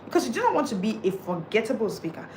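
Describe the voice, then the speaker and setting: A woman's voice: fairly high pitch, very animated, quick pace, darkish tone, a little hiss or hum, low-quality recording. Emphatic woman confidence coach. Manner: emphatic, preacherly, numbered tips. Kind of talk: live coaching talk.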